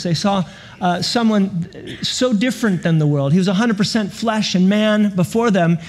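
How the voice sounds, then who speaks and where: Animated high-voiced pastor preaching. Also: male voice. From California. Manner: animated, storytelling with laughs and playful sound effects. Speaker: guest pastor. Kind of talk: sermon. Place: church sanctuary.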